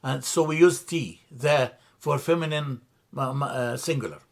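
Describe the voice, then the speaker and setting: A man teaching a grammar lesson, explaining step by step, spelling out letters, repeating words and often pausing to correct himself. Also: medium pitch, vocal fry. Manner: frequent hesitations and self-corrections. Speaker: language teacher.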